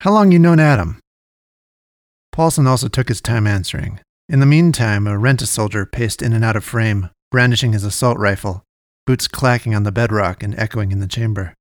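Measured male storyteller, dry recording. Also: lowish voice, no room sound. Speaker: narrator. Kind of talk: first-person story narration.

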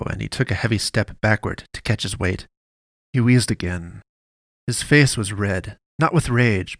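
A man reading a scripted story in a steady, measured way. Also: fairly low pitch, gravelly, dry recording. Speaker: narrator.

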